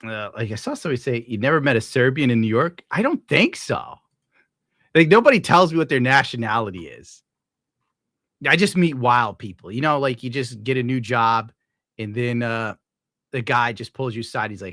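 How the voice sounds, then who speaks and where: A man's voice: mid-range voice, lively intonation, normal speed, fairly bright tone, no echo, studio quality. A man giving casual, crude reaction commentary on clips, laughing and riffing. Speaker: streamer host.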